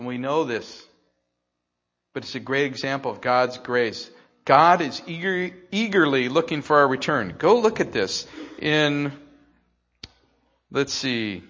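An older man preaching a sermon, dropping to slow hushed phrases and then rising loud and excited. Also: mid-range voice. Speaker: pastor. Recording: slightly dull, lo-fi.

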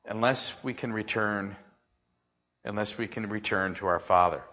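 An older man preaching a sermon, dropping to slow hushed phrases and then rising loud and excited. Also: on the low side. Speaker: pastor. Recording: slightly dull, lo-fi.

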